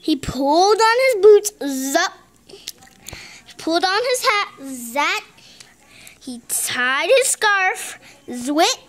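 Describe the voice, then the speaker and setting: A woman reading a picture book aloud slowly and haltingly, stumbling and restarting on words. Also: very high-pitched, expressive, a bit bright. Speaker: reader.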